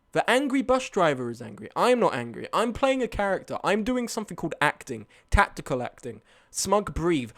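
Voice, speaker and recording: A young adult man streaming live tells his chat a rambling story at normal speed. His voice is on the high side with big pitch swings, and he swears and laughs as he goes.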